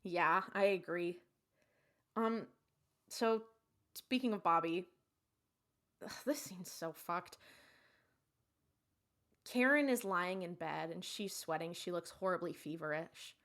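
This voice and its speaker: A young woman with a lowish voice co-hosts a podcast, speaking slowly and pausing often. She gives an animated, casual scene-by-scene retelling of an episode, voicing the characters' lines as she goes.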